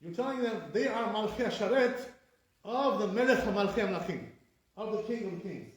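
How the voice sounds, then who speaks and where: A rabbi teaching pronunciation in a classroom lesson, his man's voice sitting a bit high. He keeps correcting and repeating words, asking his listeners rhetorical questions. The room sounds echoey around him. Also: brisk.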